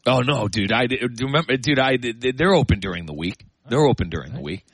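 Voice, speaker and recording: A man's voice: mid-range voice, lively intonation, fairly quick, a bit bright, breathy edge, no echo. A man co-hosting a show in casual banter, slangy and teasing, often saying "dude". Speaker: radio co-host.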